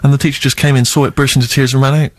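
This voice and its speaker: A man's voice: medium pitch, little pitch movement, very fast. A man co-hosting a radio show, reminiscing in casual chat with rambling, trailing sentences. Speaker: radio co-host.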